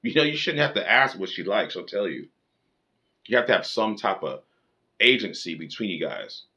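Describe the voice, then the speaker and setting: A man's voice: fairly low pitch, expressive, moderate pace, sharp tone. A man giving dating advice in a blunt, profane, lecturing rant to camera.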